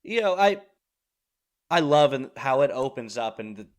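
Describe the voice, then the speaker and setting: Male podcast host, loose rambling delivery, mid pitch. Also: big pitch swings, moderate pace. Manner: rambling, many fillers and restarts. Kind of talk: casual film discussion.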